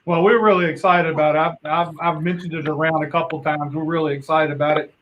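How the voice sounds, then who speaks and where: A man's voice: a little high, steady tone, fast talker, lo-fi sound, a little hiss or hum. A man hosting a talk show, chatting casually and joking. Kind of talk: casual chat.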